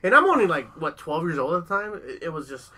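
A man on a casual podcast, telling rowdy stories, swearing a lot and breaking into loud laughter. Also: on the high side, very animated, fast.

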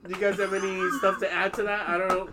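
High lively guy hosting a podcast, laughing through crude stories, music in the background. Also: quick pace. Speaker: podcast host. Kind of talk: casual chat.

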